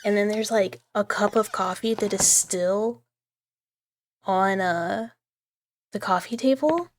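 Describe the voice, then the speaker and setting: A woman's voice: mid-range voice, slow. A woman streamer chatting her way through a horror game, giggly and full of asides. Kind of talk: live horror game commentary.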